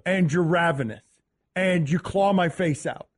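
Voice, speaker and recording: A man hosting a sports radio show, excitable and mocking, often laughing as he talks. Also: on the high side, a little slow.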